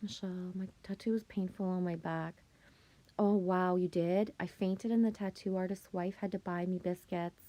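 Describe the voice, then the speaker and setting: A woman's voice: lowish voice, steady tone, normal speed, dark tone. A woman, hosting a casual livestream, chatting with viewers and telling stories in a chatty way, swearing now and then. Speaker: livestream host reading chat.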